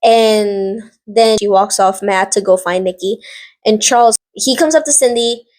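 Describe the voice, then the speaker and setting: A woman's voice: medium pitch, unhurried, a little mellow. A young adult woman casually recapping a show, rambling with lots of fillers and sassy asides. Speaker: vlogger recapping a drama series.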